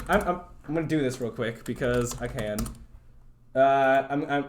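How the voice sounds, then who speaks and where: A young man from Canada streaming live, chatting casually and rambling with many fillers and stammered restarts. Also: mid-range voice. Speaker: livestreamer.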